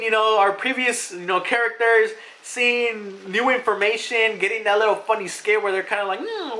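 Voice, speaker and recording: A young adult fan reviewing a manga chapter in a rush of excitement, cursing and laughing as they go. The voice is bright and forceful, and the pitch leaps up and down all the way through. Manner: hyped, swears freely, laughs often. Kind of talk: excited casual commentary.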